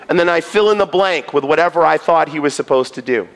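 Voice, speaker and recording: A man preaching a sermon, reading scripture dramatically, moving between loud pleas and hushed low passages. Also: animated, a little fast, creaky, few pauses. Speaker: pastor.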